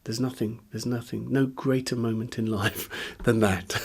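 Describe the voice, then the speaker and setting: A man's voice: medium pitch, fairly even intonation, unhurried, gravelly, a little mellow, slight background noise. A man, a musician, speaking in a candid interview, hesitant and searching for words, openly earnest and emotional.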